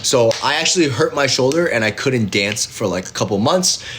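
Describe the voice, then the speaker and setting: A young man's medium-pitched voice has lively intonation, a moderate pace and a slightly bright tone, with slight background noise. An independent artist, he chats casually with fans over a phone live stream, rambling with fillers and acting out both sides of his tales.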